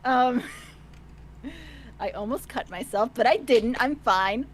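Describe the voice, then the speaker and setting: A woman's voice: fairly high pitch, animated, slow, slight background noise. A woman in casual chat with friends, giggly and laughing through her words.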